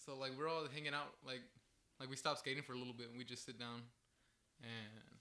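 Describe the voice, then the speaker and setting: A man's voice: medium pitch, steady tone, fairly quick, pushed and bright. A young man telling a story in a casual podcast chat, rambling with lots of "like" and frequent laughter. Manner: rambling, heavy use of "like", laughs often.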